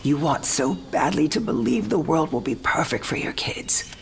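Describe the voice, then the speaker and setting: An actress playing a frank, tender mother in her sixties who is dying, speaking in a breathy half-whisper in a game cinematic. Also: low voice, expressive, normal speed, a little hiss or hum. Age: 60s. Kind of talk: video game cinematic acting.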